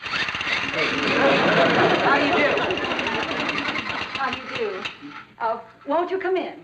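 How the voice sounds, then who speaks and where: Hochnäsige Dame auf Wohnungssuche. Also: female voice, high-pitched, sing-song, very slow, roomy sound, very noisy, exaggerated voice. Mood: condescending. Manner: condescending, affected. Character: snobbish fussy middle-aged house-hunting lady. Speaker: prospective tenant. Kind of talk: 1960s sitcom acting.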